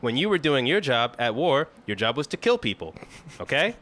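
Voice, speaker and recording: A man with a bright, forceful edge to his voice talks on a casual comedy podcast. He is blunt and a little crude, wandering through his points with plenty of filler words. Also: medium pitch, very animated, moderate pace. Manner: blunt, profane, rambling with many "like"s.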